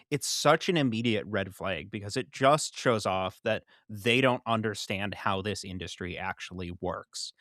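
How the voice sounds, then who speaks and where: A man's voice: fairly low pitch, moderate pace, few pauses, fairly bright tone, no echo, studio quality. A man hosting a podcast about card games, talking in an exasperated, emphatic casual rant. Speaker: podcast host. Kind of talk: casual ranting chat.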